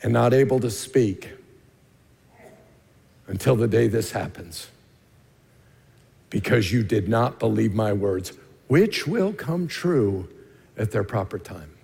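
A man's voice: fairly low pitch, lively intonation, slow pace, creaky, pauses often, a little mellow, husky, big-room sound, pitched below the performer's own voice, full character voice. A man voicing a stern, commanding male angel messenger while preaching a sermon. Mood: solemn.

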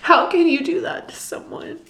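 A young woman telling an emotional personal story, halting and distressed, full of fillers and restarts. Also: very high-pitched, steady tone, vocal fry, fairly bright tone. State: distressed, near tears.

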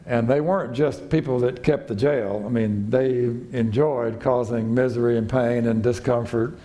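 A man preaching in an easygoing, conversational way, retelling a story and voicing its people. His voice is mellow and warm, not bright, and sits in a middle register. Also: steady tone, moderate pace. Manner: conversational storytelling, acting out quotes with raised pitch. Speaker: pastor. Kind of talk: sermon.

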